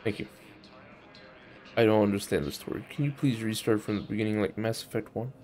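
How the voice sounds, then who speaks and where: A young man streams a video game, chatting casually, cracking profane jokes, and laughing often. His voice is on the low side and darkish in tone, and he speaks briskly.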